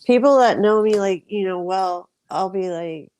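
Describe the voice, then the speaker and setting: A woman with a mellow, warm tone chats as a co-host, speaking at a middle pitch. Her talk is loose and full of fillers. The recording is close and dry. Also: normal speed, few pauses, clear, resonant tone, dry recording. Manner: chatty, lots of "like" and "you know". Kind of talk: casual chat.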